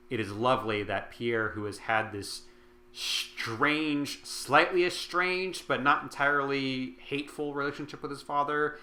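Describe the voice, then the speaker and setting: Tipsy guy rambling thru a book recap, swears a lot, bright tone. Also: lowish voice, slight background noise. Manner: rambling, swearing, filler-heavy. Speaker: host. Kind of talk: casual comedic book recap. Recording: roomy echo.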